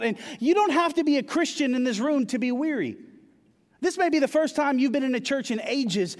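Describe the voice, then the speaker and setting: A male pastor with a drawl delivers a conversational sermon, his voice pitched notably high. He leans on repeated words to build emphasis, and the sound rings with long church-hall reverb. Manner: conversational preaching with repetitions and rising emphasis.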